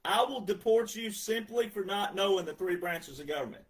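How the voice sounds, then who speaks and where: High-pitched emphatic man. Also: moderate pace. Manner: emphatic, sarcastic, loud outbursts. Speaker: political commentator. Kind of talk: ranting monologue.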